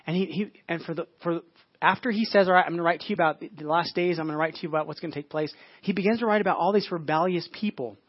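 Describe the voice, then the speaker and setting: A man's voice: fairly high pitch, fast, dry recording, muffled recording. A man delivering a sermon as pastor, in a conversational preaching manner, with frequent restarts and casual asides.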